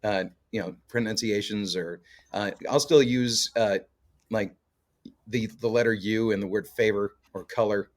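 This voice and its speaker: Chatty Canadian-born man, lowish voice. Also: fairly even intonation, a little slow. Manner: chatty, jokey storyteller with many fillers. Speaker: guest co-host, musician. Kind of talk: casual podcast chat.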